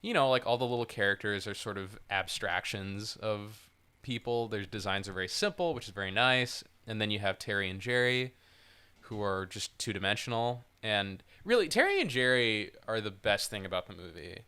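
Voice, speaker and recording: A man co-hosting a casual movie chat, talking in an animated, swearing way and slipping into mock voices for jokes. His voice is forceful and bright, with a smooth, resonant tone. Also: on the low side, normal speed. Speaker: podcast co-host.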